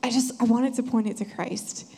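A young woman sharing an earnest, animated church testimony. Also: on the high side, moderate pace, creaky, breathy edge. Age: young adult. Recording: hall reverb.

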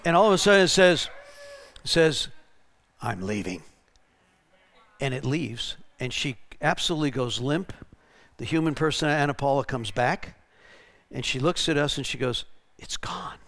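A man preaching a storytelling sermon in an animated way, restarting and repeating words and rising to shouted bursts. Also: fairly high pitch, a little fast. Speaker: pastor.

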